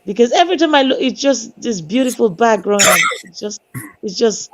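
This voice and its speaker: A woman's voice: fairly high pitch, animated, normal speed. Giggly woman on a live stream. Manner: giggly, playful, stumbles for words. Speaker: panel participant. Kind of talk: casual live-stream chat. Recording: slightly dull lo-fi audio.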